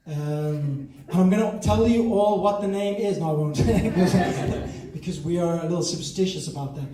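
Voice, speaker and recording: A man's voice: high voice, moderate pace, background noise. A man doing a stand-up set on a theatre stage, chatty and self-mocking, often laughing between lines. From South Africa. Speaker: stand-up comedian. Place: theatre stage before a live audience. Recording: echoey hall from far off.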